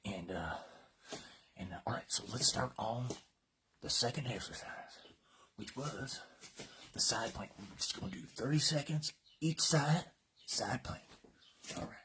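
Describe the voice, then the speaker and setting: A man's voice: medium pitch, measured pace, pauses often, in a whisper. A man from Colorado hosting a live workout, joking around in casual banter and slightly winded from exercising. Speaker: fitness host.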